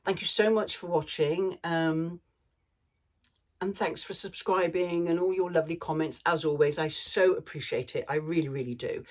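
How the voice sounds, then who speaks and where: A woman's voice: lowish voice, unhurried, long pauses. A woman vlogger telling a rambling story in a chatty way, laughing now and then. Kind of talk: casual storytelling chat.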